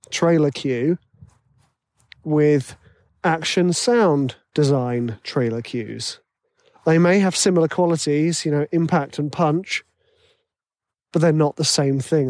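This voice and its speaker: A chatty man with a slightly high voice talks through his advice in a loose, self-deprecating way. He sounds close to the microphone in a dry space with no echo. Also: a little mellow. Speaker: music composer giving advice. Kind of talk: casual solo monologue.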